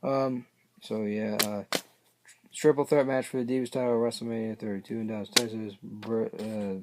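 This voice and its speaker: A man's voice: on the low side, level tone, moderate pace, background noise. A man casually recapping a show, rambling and hesitant, often losing his place mid-sentence. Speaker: wrestling reaction vlogger.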